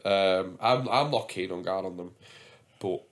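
A man's voice: sits low, measured pace. A man hosting a casual podcast, chatty and self-mocking, swearing freely as he tells stories. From England. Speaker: podcast host.

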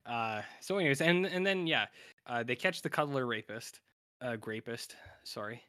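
A man's voice: medium pitch, normal speed, sharp tone. A man co-hosting a podcast, recapping a TV episode in casual chat, rambling and full of filler. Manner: rambling, acts out characters' lines in quotes. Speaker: podcast co-host.

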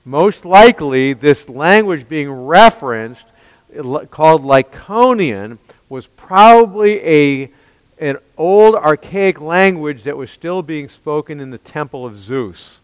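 Emphatic preacher man, smooth voice. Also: a little high, lively intonation, slow pace, dry recording, long reverb tail, poor audio. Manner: emphatic, asks the listeners rhetorical questions. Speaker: pastor. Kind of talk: expository sermon.

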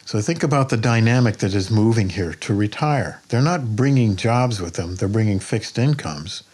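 Give me an older man with a fairly low voice telling stories in a relaxed podcast chat. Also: moderate pace, husky. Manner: lively storyteller, plainspoken, profane. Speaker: painter guest. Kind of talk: podcast interview conversation.

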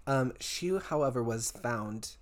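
Casual true-crime podcast co-host, animated pitch, giggly and self-mocking. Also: measured pace. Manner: laughs often, self-deprecating, tosses in crude jokes. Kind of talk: casual storytelling chat.

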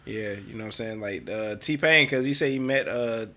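A man's voice: on the low side, normal speed, sharp tone. A man co-hosting a casual chat, telling rambling stories packed with fillers. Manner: loose, rambling storyteller full of fillers.

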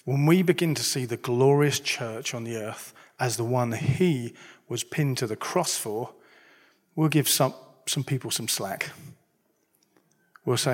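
A man's voice: mid-range voice, measured pace. Middle-aged man, pastor, conversational sermon full of rhetorical questions, recorded in a big echoing hall. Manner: conversational, self-deprecating preaching with rhetorical questions. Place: church hall. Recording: long hall reverb.

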